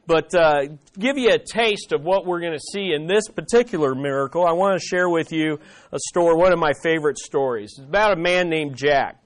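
A pastor delivers a sermon with a notably high-pitched voice. He tells stories in a lively, conversational way and speaks directly to his congregation. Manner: animated storytelling preacher.

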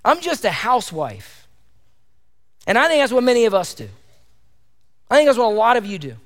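Fervent high-voiced preacher in a reverberant church. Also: male voice, sing-song, fast talker. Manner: fervent, exhorting, repeats rhetorical questions. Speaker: pastor. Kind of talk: sermon. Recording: long hall reverb.

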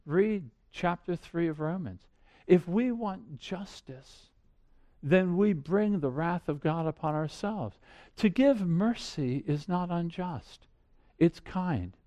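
A man with a high voice preaches a sermon. He throws rhetorical questions at the listeners, growing loud and then dropping low. His delivery is animated and earnest. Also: slow pace. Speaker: pastor.

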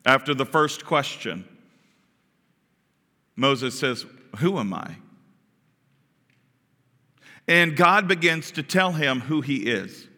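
A man's voice: on the high side, lively intonation, slow, long pauses, pushed and bright. A man preaching a conversational sermon as pastor, retelling scripture and asking the congregation questions, with long reverb from the church sanctuary.

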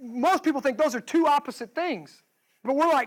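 A man's voice: very high-pitched, moderate pace, low-quality recording. A male pastor preaching a sermon, pressing the listeners with emphatic rhetorical questions.

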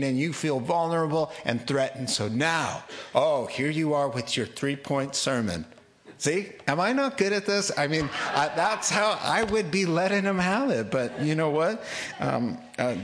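A man preaching a sermon in an animated, humorous way, acting out the figures in his story. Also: mid-range voice.

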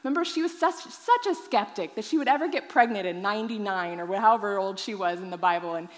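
A woman pastor telling a personal testimony in a sermon, acting out her own past thoughts with animated storytelling. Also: mid-range voice, fast talker, long reverb tail.

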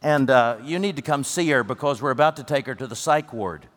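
A man preaches from the pulpit, his voice sitting at an ordinary middle pitch. He tells his story earnestly, pushing up to emphatic peaks before falling quiet again. A long reverb from the large hall trails after each phrase. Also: a little fast. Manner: earnest storytelling, rising to emphatic peaks then dropping soft. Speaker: pastor. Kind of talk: sermon.

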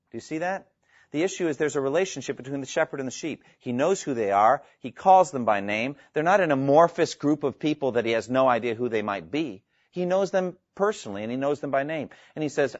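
In a dull, lo-fi recording with no room sound, a man with a mid-range voice teaches theology in a classroom. He speaks emphatically and with conviction, often throwing rhetorical questions at the students.

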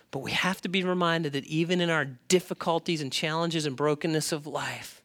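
A male pastor delivering an animated sermon, his voice bright and a little high. He keeps asking the congregation questions to pull them in. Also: normal speed, few pauses.

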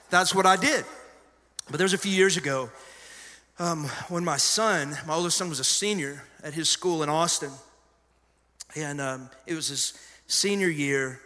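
A middle-aged pastor preaching a sermon, telling stories conversationally with sudden loud emphasis. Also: male voice, a little high, normal speed. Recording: long hall reverb.

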